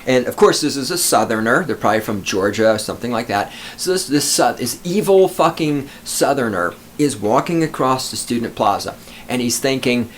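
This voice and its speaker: A man's voice: mid-range voice, expressive, moderate pace, slight background noise. A man hosting a podcast, ranting alone in a sarcastic, profane, mocking way. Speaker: podcast host. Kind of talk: sarcastic solo podcast rant.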